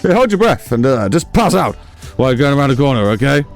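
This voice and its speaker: A man's voice: mid-range voice, big pitch swings, fast, over music. A man casually commentating over his own driving game, chatty and self-mocking, talking straight to his viewers. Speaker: gaming channel host. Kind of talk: let's-play commentary.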